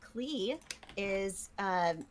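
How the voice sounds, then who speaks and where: A woman's voice: medium pitch, expressive, very slow, a little hiss or hum. A woman player describing her tabletop character in casual chat, hesitant and trailing off.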